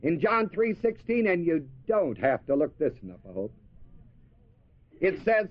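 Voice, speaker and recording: A man's voice: fairly high pitch, very animated, a little slow, pauses often, no echo. A man preaching a sermon, asking his listeners questions and repeating key words for emphasis. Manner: asks the audience questions and answers them. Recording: dry, dull lo-fi recording.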